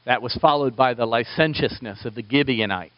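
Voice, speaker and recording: A man's voice: medium pitch, fairly quick, no echo. A man preaching a sermon as a pastor, asking his listeners rhetorical questions. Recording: dull lo-fi dry recording.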